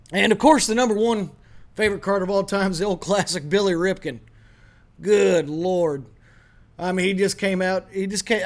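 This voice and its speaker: Brash high-voiced male podcast host. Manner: brash, joking, swears freely. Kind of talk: casual podcast talk.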